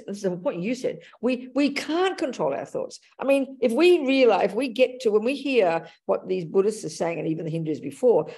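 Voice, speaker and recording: A woman's voice: medium pitch, darkish tone. Frank, affectionate woman Buddhist teacher. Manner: frank and affectionate, calls people darling and sweetie. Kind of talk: dharma talk answering audience questions.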